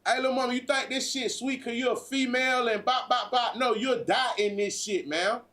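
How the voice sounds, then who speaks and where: A man's voice: very high-pitched, steady tone, normal speed, bright, forceful tone. A man hosting a livestream, giving a profane, preachy street-talk monologue and repeatedly calling listeners "bruh". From United States. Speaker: livestream host.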